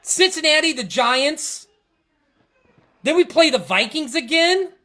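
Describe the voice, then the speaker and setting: Fired-up high-voiced woman ranting. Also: lively intonation, slow, fairly bright tone. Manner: frustrated, rambling, restarts and stammers. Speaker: podcast host. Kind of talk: casual sports rant.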